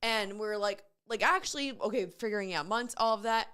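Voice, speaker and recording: A woman from New Jersey co-hosting a morning radio show, chatting casually and telling animated stories. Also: medium pitch, a little fast, smooth.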